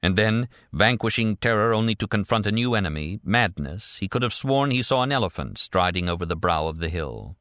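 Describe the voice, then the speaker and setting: Lowish-voiced man narrating an audiobook. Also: expressive, brisk, hardly any pauses, a bit bright, dry recording, clean studio sound. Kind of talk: scripted narration.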